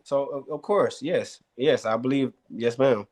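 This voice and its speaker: A debate contestant argues his point in a casual debate, emphatic and rambling, circling back over the same words and repeating himself. His voice is mid-range and darkish, and he speaks unhurriedly.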